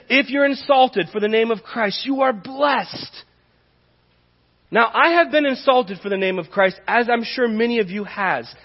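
Recorded in a dull, reverberant church hall, this sermon comes from a pastor with a high-pitched voice that has a breathy edge. Speaking in the sanctuary, he's impassioned and conversational, hitting emphatic peaks.

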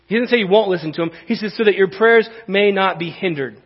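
Male pastor, high husky voice, chatty animated sermon, long church reverb on a dull recording. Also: quick pace. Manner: conversational, animated preaching with repetitions.

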